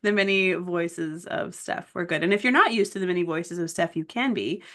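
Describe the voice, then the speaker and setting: A woman's voice: fairly low pitch, moderate pace, a bit bright. A woman from Canada hosting a podcast, friendly and rambling with many ums. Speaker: podcast host. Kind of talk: casual podcast chat.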